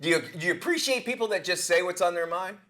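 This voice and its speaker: Brief: chatty male co-host, bright tense voice, lively pitch. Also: fast talker. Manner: talkative, searching for words. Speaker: TV entertainment co-host. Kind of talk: casual chat.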